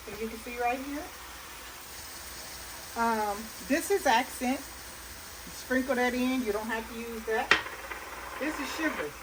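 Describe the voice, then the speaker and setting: A woman's voice: a little high, noisy background. A woman hosting a cooking channel, chatting folksily and laughing as she cooks in her home kitchen. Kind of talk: casual cooking demonstration. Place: home kitchen at a hot stove. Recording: distant mic with loud frying sizzle.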